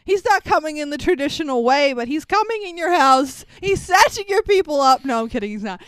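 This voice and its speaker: Woman co-host, high clear voice, close and dry, laughs often, swears casually. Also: a little fast, no echo. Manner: laughs often, swears freely, animated retelling. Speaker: podcast co-host. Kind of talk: casual chat recapping a film.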